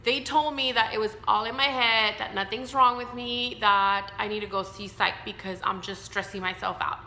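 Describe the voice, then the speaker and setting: A woman's voice: mid-range voice, fairly even intonation, normal speed, pushed and bright, roomy sound, slight background noise. A woman in her thirties telling her own story to camera, candid and emotional, rambling with fillers. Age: 30s. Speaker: vlogger.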